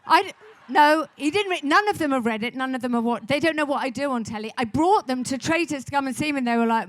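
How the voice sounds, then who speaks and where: A woman's voice: high voice, fast. A middle-aged woman, a guest on a festival stage, talking in a chatty, rambling, self-deprecating way into a stage microphone. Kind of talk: live on-stage conversation. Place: festival stage before an audience.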